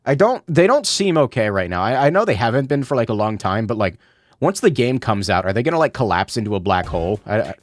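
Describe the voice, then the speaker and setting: A young adult streamer giving excitable let's play commentary, swearing and stammering when flustered. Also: medium pitch, quick pace, no echo, studio quality.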